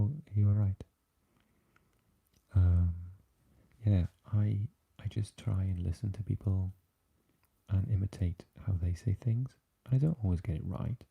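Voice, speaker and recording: A Welsh man hosting a whispered ASMR live chat, talking softly and haltingly with lots of fillers as he answers viewers. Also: low voice, gravelly, husky, highs cut off. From Wales. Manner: soft and halting, with many fillers, chatting with viewers. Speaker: ASMR livestream host.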